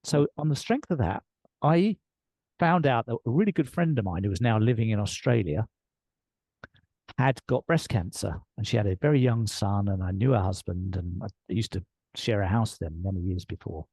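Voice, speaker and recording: A man with an English accent, a guest on a podcast, telling his story in an earnest, reflective way with soft laughs. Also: lowish voice, animated, normal speed, husky, no room sound. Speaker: podcast guest, leadership coach. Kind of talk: conversational storytelling.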